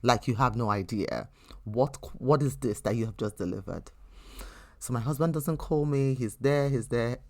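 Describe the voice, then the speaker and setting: A woman's voice: a bass voice, moderate pace, darkish tone. A woman hosting a faith teaching podcast who talks earnestly and conversationally, telling personal stories with frequent restarts. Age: adult. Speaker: podcast host.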